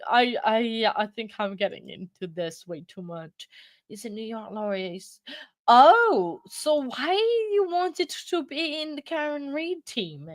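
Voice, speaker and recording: A woman's voice: fairly high pitch, big pitch swings, slow, dry recording, clean studio sound. A woman hosting a casual livestream, talking in a chatty, rambling way with lots of restarts, sleepy and yawning. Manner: rambling, self-interrupting, chatty. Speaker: livestream host. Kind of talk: casual live chat.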